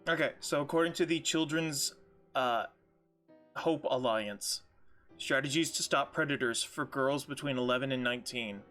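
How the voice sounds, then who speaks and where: Bright-voiced joking man at a game table. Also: mid-range voice, moderate pace, faint music behind. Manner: joking, laughs often, reads notes aloud. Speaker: player. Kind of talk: casual tabletop game chat.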